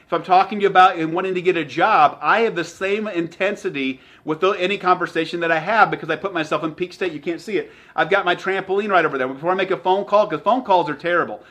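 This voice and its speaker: A man giving an energetic motivational talk as a sales trainer, emphatic and repeating his phrases. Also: high voice, fast talker, few pauses.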